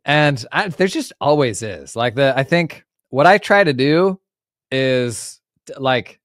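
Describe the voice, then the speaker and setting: Smooth-voiced man in his forties. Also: medium pitch, takes it slowly, dry recording, studio quality. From United States. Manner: relaxed, chatty, many "like"s. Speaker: podcast guest, former firm owner. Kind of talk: casual interview talk. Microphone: video call.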